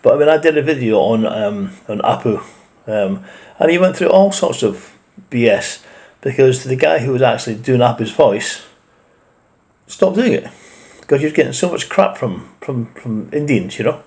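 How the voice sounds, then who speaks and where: Blunt Scottish man, mid-pitched. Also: animated, moderate pace, a little mellow. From Scotland. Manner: blunt and opinionated, with mild swearing. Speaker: reaction video host. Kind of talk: casual commentary.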